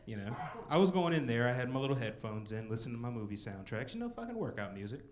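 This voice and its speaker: A man's voice: mid-range voice, big pitch swings, fast talker. A man in his twenties doing a rambling, self-mocking stand-up set in a comedy club. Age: 20s. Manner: rambling, self-mocking, with frequent "you know" and "like".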